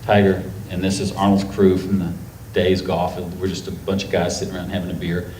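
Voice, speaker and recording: Man, middle-aged, from North Carolina, deep voice, rambling emotional storyteller, echoey hall. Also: monotone, fairly quick, darkish tone. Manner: rambling, emotional, acts out quotes. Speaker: author on festival panel. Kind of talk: anecdotal storytelling to an audience. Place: festival stage before a live audience. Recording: echoey hall with faint noise.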